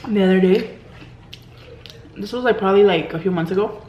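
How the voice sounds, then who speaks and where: Woman vlogger rambling thru a story between bites, lots of likes, mid pitched, echoey room. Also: brisk, dull audio. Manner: chatty, lots of "like" fillers. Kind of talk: storytime while eating. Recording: roomy room, faint background hum.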